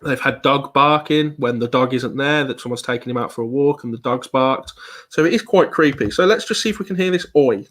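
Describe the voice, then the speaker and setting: A man's voice: medium pitch, fairly quick, a bit bright. A man giving an online presentation as a paranormal investigator. He talks in a hesitant way, with frequent ums and repeated words.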